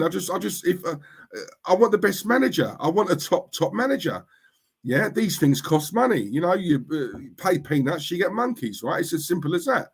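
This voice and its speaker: On his livestream, a middle-aged streamer who follows football rants and responds to chat messages, repeating himself and asking "yeah? right?" constantly. He sounds fired-up, with a high, sing-song, gravelly, husky voice and a fairly quick pace.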